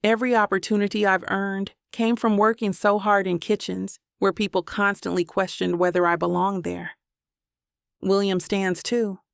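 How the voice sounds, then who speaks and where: A woman narrating a first-person romance audiobook in an intimate, even reading. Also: medium pitch, creaky, dry recording, studio quality.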